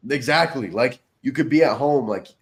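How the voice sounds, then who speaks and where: A young man with a medium-pitched voice speaks at a moderate pace while co-hosting a laid-back sports podcast. He rambles, says "like" constantly, and keeps restarting his sentences.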